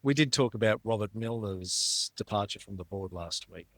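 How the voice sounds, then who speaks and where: A man hosting a casual investing podcast, quick and teasing in his banter. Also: lowish voice, fairly bright tone, no echo. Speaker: podcast host.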